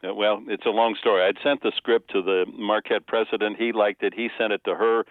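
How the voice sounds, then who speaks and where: An older man from the American Midwest, a playwright guest on a radio interview, telling animated stories and now and then quoting others. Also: fairly low pitch, fairly quick, no echo, narrow, tinny audio. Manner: animated storyteller, slips into quoted voices.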